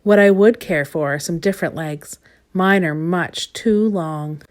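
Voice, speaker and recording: A woman's voice: fairly low pitch, close to an everyday voice. A woman doing Mister Tall, a gloomy giant. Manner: gloomy sighing, slow drawn-out complaints. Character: very tall gloomy man with long legs.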